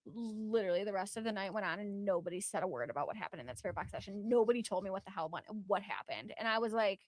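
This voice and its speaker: A woman's voice: mid-range voice, fast, no echo. A woman hosting a podcast, telling a story in casual chat with lots of fillers and acted-out quotes. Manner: animated, lots of filler words, acts out quotes. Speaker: podcast host.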